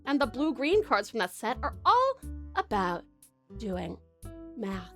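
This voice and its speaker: A woman's voice: a little high, sing-song, slow pace, faint music behind. A young Australian woman streaming live, chatting bubbly and giggly with her viewers and calling them babes. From Tasmania, Australia. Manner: bubbly and giggly, greets chat by name, calls them babes. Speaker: VTuber streamer.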